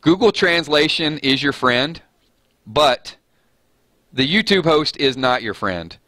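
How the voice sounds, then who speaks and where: This Southern-drawling live chat host takes things slowly in a voice on the high side, bright and forward. Casual and chatty, he reads out comments from viewers and jokes at his own expense, recorded up close and dry without any room sound.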